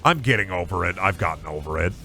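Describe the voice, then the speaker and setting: Lively, rambling male game streamer. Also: low-pitched, fast, noisy background. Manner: rambling, swears freely, lively reactions. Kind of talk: casual gaming commentary.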